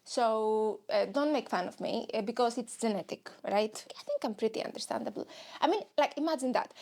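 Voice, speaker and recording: A young woman with a Greek accent, talking in a high, bright voice as she hosts her comic podcast. She tells stories about herself with animated, self-mocking energy. Her delivery stays playful and chatty. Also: fairly quick, gravelly. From Greece. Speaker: podcast host, comedian. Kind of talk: comic solo podcast monologue.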